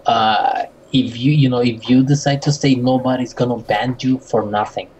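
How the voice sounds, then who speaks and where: A man with a Spanish accent, a website admin talking in a casual voice chat, halting with many restarts and fillers. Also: medium pitch, steady tone, darkish tone, slight background noise, poor audio.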